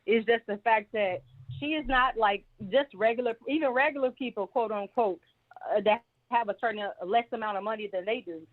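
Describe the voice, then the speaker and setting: A woman calls in to a live talk show and rambles through her opinions. She sounds fairly high-pitched, and her voice comes through a thin, tinny phone line. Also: a little fast. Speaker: caller. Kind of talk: call-in opinion.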